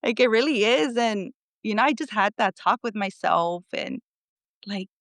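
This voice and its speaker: A woman's voice: medium pitch, animated, normal speed, a bit bright, no room sound. A woman in her thirties, a podcast guest telling stories about her athletic career in a casual chatty way, laughing often and acting out what others said. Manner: chatty, laughs often, acts out quotes of family and coach. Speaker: podcast guest, former national team athlete. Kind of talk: casual storytelling interview.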